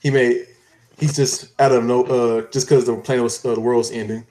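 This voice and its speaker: A man's voice: mid-range voice, level tone, brisk, warm tone. A man co-hosting a podcast in casual chat, walking through events step by step in a loose, rambling way. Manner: rambling step-by-step recap with restarts. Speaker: podcast co-host.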